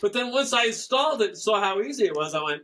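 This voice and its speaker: An older man chatting casually as an interview guest, rambling and halting with restarts, joking around. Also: high voice, expressive, pushed and bright. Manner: rambling, halting, jokey, slips into playful accent impressions.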